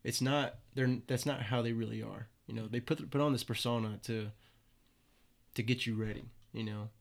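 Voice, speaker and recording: A man's voice: medium pitch, fairly even intonation, normal speed, vocal fry. A man in his twenties telling casual stories, loose and profane, often laughing at his own tales. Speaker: guest. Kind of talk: casual storytelling.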